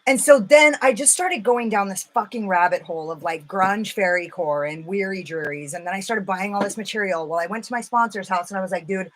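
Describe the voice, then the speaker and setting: A woman's voice: medium pitch, a little fast, hardly any pauses. A woman hosting a casual makeup live stream, rambling and swearing freely, full of filler words. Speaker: makeup livestream host.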